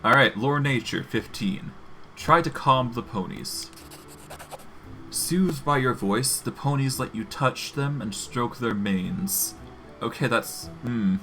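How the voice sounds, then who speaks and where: A man's voice: mid-range voice, animated, takes it slowly, sharp tone, soft background music. A man streaming a narrative game, chatting casually and laughing often as he reads and comments.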